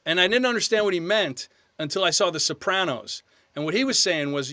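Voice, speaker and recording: A man in his fifties from New York, an actor guest telling animated stories in a casual podcast interview. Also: high voice, brisk, no room sound. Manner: animated anecdotes, slips into quoted voices.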